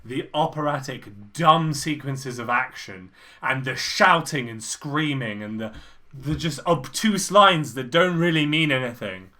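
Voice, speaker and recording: Sarcastic bright-voiced young man. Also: mid-range voice, animated, unhurried. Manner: dry, sarcastic, mock-earnest. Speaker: co-host. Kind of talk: casual group commentary.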